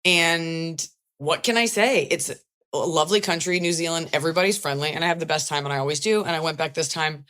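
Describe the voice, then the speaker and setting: A woman with a notably low voice hosts a casual podcast. She tells stories in a wry, chatty way, with plenty of swearing and comic asides. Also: a little fast, a bit bright, slight background noise. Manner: chatty, wry, profane storytelling. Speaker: podcast host and stand-up comedian. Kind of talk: casual comedic chat.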